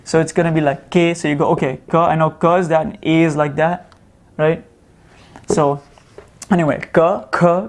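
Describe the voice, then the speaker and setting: A man teaching a lesson in a relaxed, casual way, sounding out letters slowly and often asking "right?" to check in. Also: a little high. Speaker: Sanskrit teacher.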